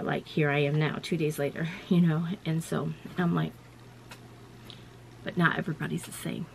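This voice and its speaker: A woman's voice: sits low, creaky, darkish tone, slight background noise. A woman vlogger telling a personal story in a casual, rambling way, full of "you know" and "like.".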